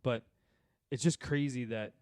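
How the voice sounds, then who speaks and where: A man co-hosting a golf podcast, talking in casual chat and thinking out loud. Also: medium pitch, steady tone, a little slow, smooth, dry recording, clean studio sound. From Saskatchewan, Canada. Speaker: podcast co-host.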